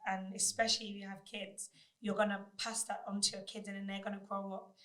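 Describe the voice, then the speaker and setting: A young mother speaks candidly on a podcast, reflecting at length in a level, fairly flat voice. Her pitch sits in the middle and her delivery is relaxed and conversational. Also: brisk. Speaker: podcast guest. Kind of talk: casual podcast chat.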